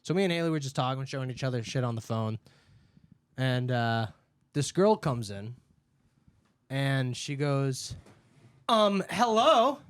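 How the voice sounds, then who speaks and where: A man from Massachusetts co-hosting a podcast, telling a story in casual chat, animated and full of swearing. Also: mid-range voice, unhurried, long pauses, clear, resonant tone, no room sound. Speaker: podcast co-host.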